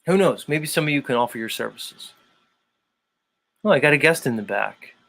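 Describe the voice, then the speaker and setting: A man hosts his own online show, rambling through a loose livestream chat with many fillers. His mid-range voice is creaky and a bit bright, with lively intonation at normal speed.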